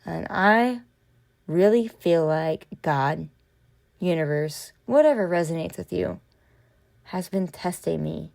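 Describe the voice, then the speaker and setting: Woman, solo podcast host; heartfelt, unhurried, vocal fry. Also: fairly low pitch, lively intonation, darkish tone. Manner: earnest, heartfelt, addresses listeners as friends. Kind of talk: reflective solo podcast monologue.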